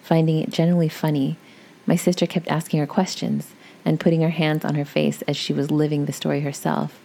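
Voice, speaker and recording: A woman's voice: low voice, level tone, brisk, gravelly, warm tone, slight background noise. A woman reading a story aloud in a chatty, conversational way, with casual asides to her listeners. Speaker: story reader.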